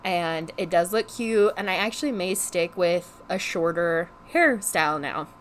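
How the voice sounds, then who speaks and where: A young woman telling a frustrated storytime vlog in casual chat, animated and exasperated, swearing freely and saying "like" constantly. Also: lowish voice, unhurried, a little hiss or hum. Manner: heavy use of "like" as filler. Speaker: vlogger.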